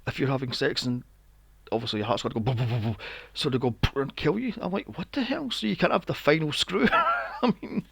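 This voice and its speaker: A man's voice: fairly high pitch, wildly swooping pitch, brisk, creaky, a bit bright. A man co-hosting a casual movie podcast, incredulous and swearing freely as he fires off rhetorical questions. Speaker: podcast co-host. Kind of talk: casual film discussion.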